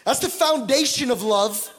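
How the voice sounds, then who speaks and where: A man preaching a sermon with passion, swinging from loud pleading to hushed tones, with joking asides. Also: very high voice, animated, moderate pace, slightly rough. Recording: long hall reverb.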